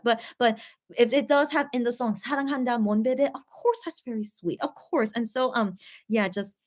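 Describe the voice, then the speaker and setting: A woman in her thirties with a slightly high voice talks casually to her viewers. She rambles, restarts her sentences and stacks up fillers as she explains. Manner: explains Korean phrases to viewers. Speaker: K-pop reaction host. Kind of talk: casual reaction commentary.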